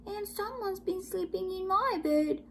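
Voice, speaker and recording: A tearful little boy bear cub from a storybook, as a woman puts him on. The voice sits far above a normal speaking pitch and draws each word out slowly in a high wail. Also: fairly bright tone, a little hiss or hum, exaggerated voice. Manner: high, slow and wailing.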